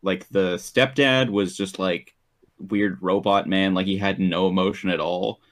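Deep-voiced man complaining bluntly. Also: steady tone, measured pace. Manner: blunt, swears, complains freely. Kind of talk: casual chat.

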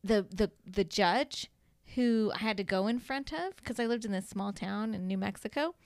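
A woman's voice: medium pitch, normal speed, dry recording. A woman hosting a casual chat, wry and teasing, laughing often as she tells her own anecdote.

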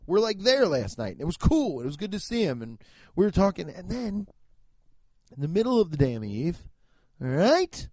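A young man in his twenties or thirties, a comedian rambling through a profane, animated monologue with bursts of shouting. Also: high voice, moderate pace, no echo. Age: 20s to 30s.

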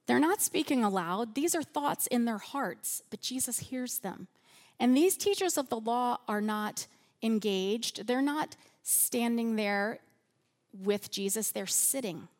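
A woman preaching a sermon in a church, slow and earnest, softening her voice on repeated phrases. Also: on the high side.

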